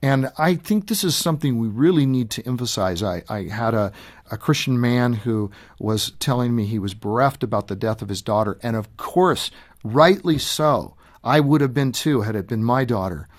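A middle-aged man, a guest on a radio interview, talking in an animated and emphatic way and often rising high as he makes his points. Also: moderate pace. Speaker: guest author.

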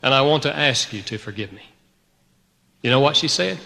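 A man preaching a sermon to a congregation, telling a personal story in an animated way, swinging between loud outbursts and hushed, quiet passages. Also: medium pitch, normal speed, creaky, big-room sound. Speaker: pastor.

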